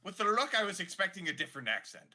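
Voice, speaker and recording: A man's voice: high voice, sing-song, very fast, crowd noise. A man playing in a tabletop game, joking playfully with the table. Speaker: player. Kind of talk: casual chat.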